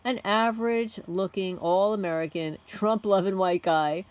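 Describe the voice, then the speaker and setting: A woman channel host reading a written testimony aloud in a soft-spoken way, chuckling often. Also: mid-range voice, steady tone, normal speed, low-quality recording.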